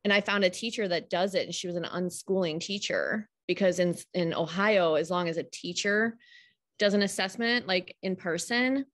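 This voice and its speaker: A woman's voice: fairly low pitch, normal speed, a bit bright. A woman guest, a homeschooling mother, talking things through at length in an earnest, open way during a casual live call.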